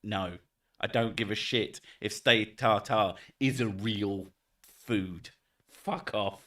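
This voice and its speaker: A man's voice: lowish voice, slow, fairly bright tone, far from the mic. A man streaming live, chatting casually, swearing often and laughing between rambling thoughts. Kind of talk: casual livestream chat.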